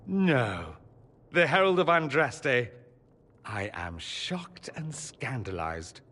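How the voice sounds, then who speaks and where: An actor playing a proud, sarcastic male mage confronting the father he is estranged from, with a husky voice and a cutting manner. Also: medium pitch, big pitch swings, moderate pace, fairly bright tone, long reverb tail. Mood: bitter. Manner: sarcastic, cutting, rising to anger. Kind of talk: game character dialogue.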